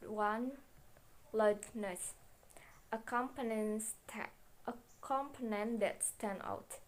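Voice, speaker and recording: Slow, careful young woman student presenter. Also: fairly high pitch. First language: Indonesian. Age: young adult. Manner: slow, careful reading with restarts and self-corrections. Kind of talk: reading a class presentation.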